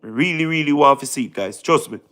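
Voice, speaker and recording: A man's voice: fairly high pitch, lively intonation, quick pace, fairly bright tone. A man with a Jamaican accent hosting a casual live stream, tired, mixing patois into his talk and repeating his points as he answers viewers by name. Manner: repeats phrases, mixes in patois, talks to chatters by name.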